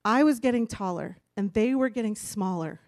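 A woman's voice: medium pitch, animated, moderate pace, darkish tone, no room sound, studio quality. A woman giving a candid, chatty personal testimony from a church stage, laughing now and then as she talks. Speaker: speaker giving a church talk.

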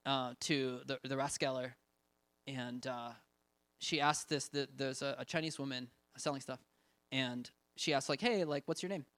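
A young man walks an audience through his evangelism training in a loose, chatty way, with plenty of fillers and small laughs. His voice sits a touch high for a man. The sound is close and dry with no room around it. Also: pushed and bright, clean tone, no room sound. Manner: chatty, many fillers, laughs often, acts out quotes. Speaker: ministry trainer presenting. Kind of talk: casual talk with slides.

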